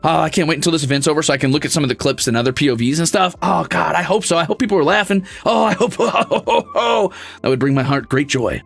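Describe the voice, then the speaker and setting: A young man streaming casually, reading chat messages aloud, excitable and swearing freely. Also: fairly high pitch, rapid-fire, gravelly, few pauses.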